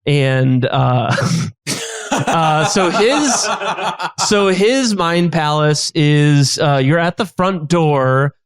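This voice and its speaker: A man narrating an improvised comedy role-play as guest game master, quick and animated with frequent stumbles. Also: fairly high pitch, smooth.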